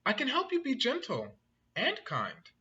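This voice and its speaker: A man's voice: very high-pitched, wildly swooping pitch, measured pace, pushed and bright, muffled recording, pitched above the performer's own voice, heavily acted. A man doing Mister Raccoon, a kindly storybook raccoon. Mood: explaining. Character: kindly, patient male raccoon.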